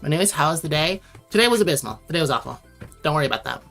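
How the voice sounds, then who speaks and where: Chatty streamer woman, low voice. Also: expressive, very fast, a bit bright, soft background music. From Connecticut, USA. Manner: rambling, chatty, reads chat aloud and answers viewers. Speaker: drawing livestreamer. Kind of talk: casual late-night stream chat.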